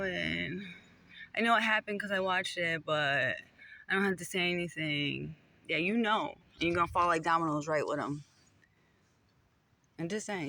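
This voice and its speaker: A man's voice: a little high, pushed and bright, dry recording. A man delivering a heated personal rant to the camera, repeating phrases for emphasis.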